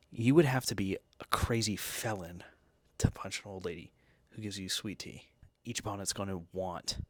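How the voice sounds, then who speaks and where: A man's voice: low-pitched, no echo. A man hosting a casual talk, chatty and jokey, full of asides and tag questions. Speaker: host reviewing energy drinks and decks. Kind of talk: casual chat.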